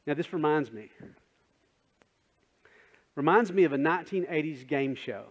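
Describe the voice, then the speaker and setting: Conversational preacher in a reverberant sanctuary. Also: male voice, a little high, animated, normal speed. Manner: conversational, asks the congregation questions, acts out scenes. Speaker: pastor. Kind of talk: sermon. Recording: dull sound with long hall reverb.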